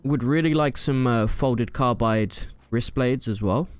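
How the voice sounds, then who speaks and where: A man's voice: medium pitch, a little slow, smooth, no echo. Young guy chatting over his gameplay, mid voice, goofy and teasing the enemies. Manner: playful, jokey, trash-talks enemies. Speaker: gaming YouTuber. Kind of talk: casual gameplay commentary.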